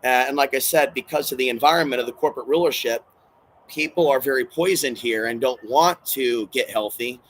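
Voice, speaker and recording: A man's voice: medium pitch, brisk, low-quality recording. A man talking alone to his camera in a rambling vlog monologue, agitated and emotional, repeating himself and swearing, sounding distressed and hurt. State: distressed and hurting. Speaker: channel host.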